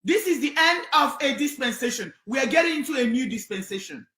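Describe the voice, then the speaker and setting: A Nigerian woman holds forth on air with fervent, preacherly conviction, her high voice often rising to a shout. Her tone is bright and ringing. The recording carries a roomy echo. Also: expressive, a little fast. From southeastern Nigeria. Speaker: commentator on air. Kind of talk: impassioned on-air commentary.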